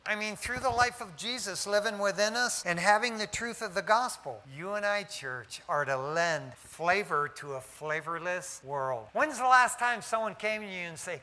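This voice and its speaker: A middle-aged male pastor from Southern California preaching a sermon, telling stories with lively quoted dialogue. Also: a little high, normal speed. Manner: animated storytelling with quoted dialogue.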